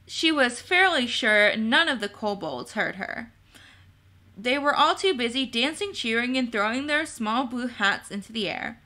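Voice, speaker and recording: Woman narrator, storybook reading; bright, slightly high, unhurried. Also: expressive. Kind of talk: storybook reading with character voices.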